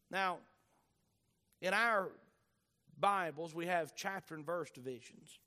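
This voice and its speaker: A man preaching a sermon, reading scripture aloud and swinging between loud, animated bursts and hushed asides. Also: a little high, slow pace, pauses often.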